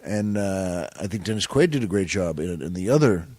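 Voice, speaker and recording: A man's voice: deep voice, animated, a little fast, a little mellow, no echo. A man, a comedian and actor guesting on a podcast, telling show business anecdotes in a rambling, self-deprecating way with plenty of restarts.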